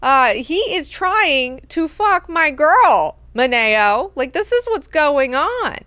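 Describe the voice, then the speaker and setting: A woman voicing a furious ancient male god-emperor who rants loudly and swears. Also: medium pitch, lively intonation, moderate pace, clean tone, no echo, lightly acted. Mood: ranting. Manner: ranting, profane, loud.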